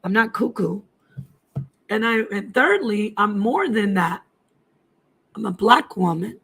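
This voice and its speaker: A woman's voice: mid-range voice, expressive, takes it slowly, fairly bright tone, husky. A middle-aged woman hosting a casual live stream, chatting to viewers and switching between languages as she goes. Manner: chatty, hops between languages while answering chat. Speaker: livestream host.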